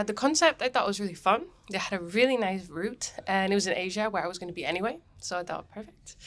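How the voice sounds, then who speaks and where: A woman with a cold talks through her podcast in a loose, rambling way, full of ums and restarts. Her voice sits at an ordinary middle pitch for a woman. She records on board a cruise ship. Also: fairly bright tone. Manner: chatty and rambling, many ums. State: has a cold. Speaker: podcast host. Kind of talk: casual podcast monologue.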